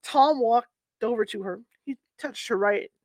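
A woman's voice: on the high side, a little slow, a little mellow, no echo. Casual woman reading a story aloud. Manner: informal, stops to correct herself and apologize mid-reading. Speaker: reader.

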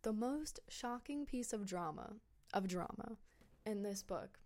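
A woman's voice: mid-range voice, animated, unhurried, darkish tone. A woman hosting a podcast in casual chat, gossipy and incredulous, with many fillers and short laughs. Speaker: podcast host.

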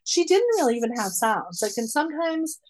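A woman in her forties telling a long personal story in a casual, rambling way, full of fillers and lively quoted asides. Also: a little high, fairly quick, poor audio. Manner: rambling, many "like" fillers, animated when quoting. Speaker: mother of a nonverbal daughter, guest.

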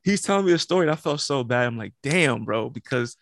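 A man's voice: fairly high pitch, lively intonation, fast, no room sound, clean studio sound. A man co-hosting a podcast, telling a story in casual chat, acting out the quotes and laughing often. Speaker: podcast co-host.

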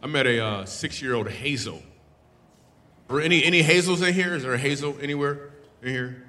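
A man's voice: mid-range voice, a little fast, sharp tone. A man doing stand-up crowd work into a handheld mic, playfully teasing the audience and laughing often. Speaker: stand-up comedian. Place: live comedy show in a hall. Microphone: handheld microphone. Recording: reverberant hall with live audience. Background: faint audience laughter.

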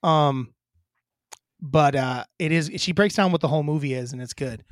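A man's voice: fairly high pitch, moderate pace, dry recording, clean studio sound. A man co-hosting a podcast in a casual, rambling chat, joking and swearing. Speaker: podcast co-host.

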